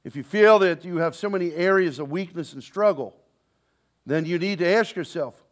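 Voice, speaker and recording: A man preaching a sermon to a congregation, swinging between soft, slow lines and loud, quick ones and calling on the listeners to respond. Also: sits high. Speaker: pastor. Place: church sanctuary with congregation, also streamed online.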